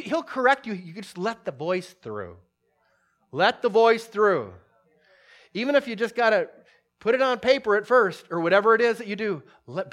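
A man preaching a conversational sermon as pastor, swinging from loud bursts to hushed lines, with playful asides. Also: sits high. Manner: tosses in playful asides and laughs.

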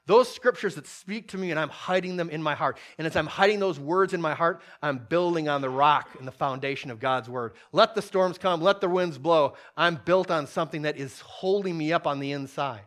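A man preaching a conversational sermon as pastor, swinging from loud bursts to hushed lines, with playful asides. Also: on the high side. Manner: tosses in playful asides and laughs.

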